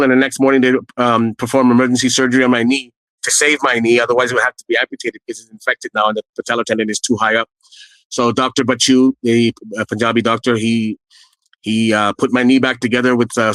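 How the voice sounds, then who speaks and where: A man's voice: a bit bright, dry recording, low-quality recording. Middle-aged guy from canada telling a wild story, blunt and profane, voices the people in it, dry sound. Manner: re-enacts quoted people with raised pitch, blunt and profane. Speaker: guest telling his story. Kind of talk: animated personal storytelling.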